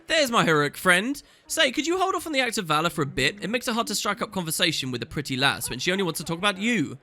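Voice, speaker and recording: A man voicing a charming, roguish young nobleman with a smooth, teasing delivery. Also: high-pitched, sing-song, fast talker, sharp tone, voice pushed up, exaggerated voice.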